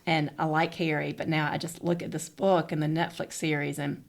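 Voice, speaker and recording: A woman's voice: low-pitched, little pitch movement, moderate pace. A middle-aged woman hosting a podcast, talking in a casual, earnest and reflective way and repeating words as she thinks. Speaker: podcast host.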